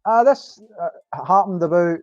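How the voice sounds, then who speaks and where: A Scottish man chatting casually as a guest, talking in halting bursts with many ums and restarts. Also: high-pitched, dry recording, dull audio, faint music behind. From Scotland. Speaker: podcast guest. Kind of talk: casual chat.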